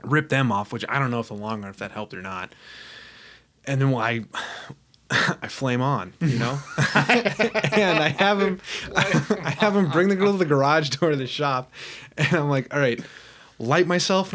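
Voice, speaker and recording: A man's voice: a little high, normal speed, a bit bright. A young adult man, a podcast guest, telling a story in casual chat and laughing often as he talks.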